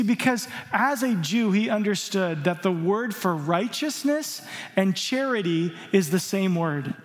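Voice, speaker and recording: Male pastor, high voice, emphatic sermon delivery, reverberant church hall. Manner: emphatic, exhorting the congregation. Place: church auditorium.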